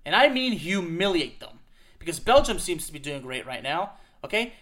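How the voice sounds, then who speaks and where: Fired-up man ranting, high voice. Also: sing-song, normal speed, fairly bright tone. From United States. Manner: emphatic, repetitive, fired-up ranting with frequent "okay?". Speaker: podcast host. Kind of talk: ranting soccer commentary.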